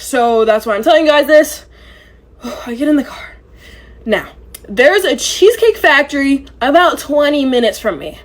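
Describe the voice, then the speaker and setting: A woman telling a story in a vlog, in a dramatic and exasperated way. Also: high-pitched.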